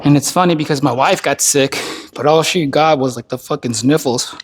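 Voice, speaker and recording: Male army veteran, slightly high voice, tired, blunt and foul-mouthed, casual monologue delivery. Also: moderate pace, husky. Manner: blunt, heavily profane. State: tired, worn down by recent illness. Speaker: army veteran turned speaker.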